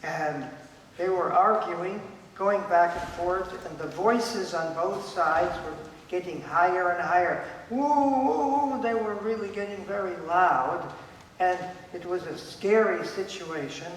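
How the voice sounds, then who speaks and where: Man, conference speaker, high voice, emphatic and repetitive, reverberant hall with faint noise. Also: fairly bright tone. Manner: emphatic, repeats key points, acts out quoted voices. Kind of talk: lecture at a conference. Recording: echoey hall, voice picked up from a distance.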